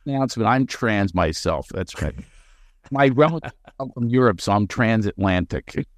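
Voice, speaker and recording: Sarcastic, animated man in conversation. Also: fairly low pitch, normal speed, no echo, clean studio sound. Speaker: guest. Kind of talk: podcast interview conversation.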